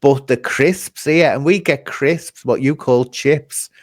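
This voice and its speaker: A man's voice: mid-range voice, slow. A man hosting a casual interview, chatty and teasing, laughing as he talks. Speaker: host.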